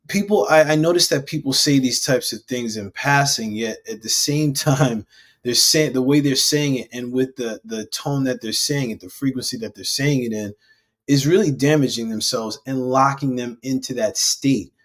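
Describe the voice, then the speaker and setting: A man hosting a spiritual self-help live stream, talking casually and rambling, with frequent restarts. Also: medium pitch. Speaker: host.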